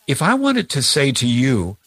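A male scripture teacher explains a point of Bible language in a conversational way, with examples from daily life. His voice sits at an ordinary pitch, recorded dry and close. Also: huge pitch swings, a little slow, a bit bright, breathy edge, no echo.

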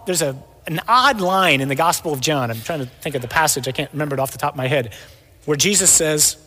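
A man's voice: fairly high pitch, bright, forceful tone. A man giving a sermon, asking questions and answering them himself with emphasis. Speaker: preacher. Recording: long reverb in a large hall.

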